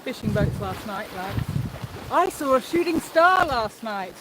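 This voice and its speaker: A woman's voice: on the high side, sing-song, unhurried. A woman co-hosting a live stream from a sailboat, reading out comments in a chatty, teasing way. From New Zealand. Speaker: co-host reading viewer comments. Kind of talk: casual live-stream chat. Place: on a sailboat at sea, outdoors. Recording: wind and water noise on deck.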